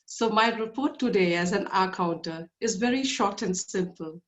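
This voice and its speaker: A woman giving a short, plain report at a club meeting, speaking softly. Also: mid-range voice, moderate pace. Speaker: meeting role player.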